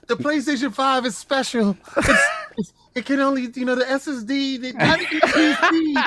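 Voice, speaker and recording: A man's voice: extremely high pitch, normal speed, background noise. A man doing a whiny baby-voiced console fanboy. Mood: smug. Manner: boastful, mock-earnest, breaks into laughs. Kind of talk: comic bit on a gaming podcast.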